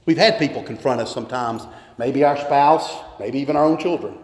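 A man's voice: mid-range voice, brisk. A man preaching as pastor, reading scripture and pressing his listeners with earnest rhetorical questions. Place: church sanctuary. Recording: long reverb of a church hall.

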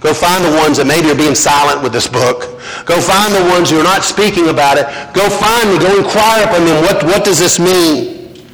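A man with a high voice preaching a sermon in a church. He talks earnestly, with rhetorical questions and repeated words. His voice carries a long reverb over faint background noise. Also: normal speed, a bit bright. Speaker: pastor.

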